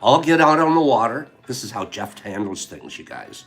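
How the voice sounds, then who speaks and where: Older man, host, casual storytelling, animated, chuckling, soft background music. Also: medium pitch, normal speed. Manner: animated, chuckling, acts out friends' lines.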